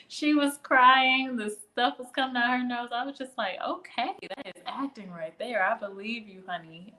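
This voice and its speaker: A woman's voice: medium pitch, fairly bright tone, low-quality recording. A woman with a Midwestern American accent hosting a casual live trivia stream, chatting and reading viewer comments aloud with frequent laughter. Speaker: livestream trivia host.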